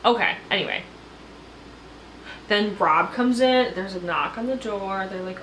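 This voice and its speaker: A woman's voice: mid-range voice, moderate pace, a bit bright, a little hiss or hum. A young woman casually recapping a TV episode in a chatty, gushing way, acting out what the cast said. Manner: chatty, gushing, acts out the cast's lines. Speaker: recap vlogger. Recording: echoey room with faint ambience.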